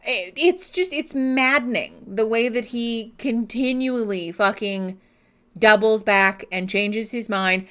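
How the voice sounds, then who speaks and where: Slow, blunt woman therapist commentator. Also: a little high, fairly bright tone, clear, resonant tone. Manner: blunt and sarcastic, swears freely. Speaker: therapist reacting to a reality show. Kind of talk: live reaction commentary.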